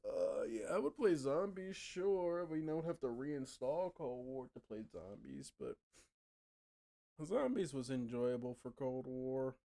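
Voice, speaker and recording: This young man's medium-pitched voice is dark and expressive, and he takes it slowly as he chats casually with stream viewers and answers them. He rambles, swears frequently, and drifts off mid-thought.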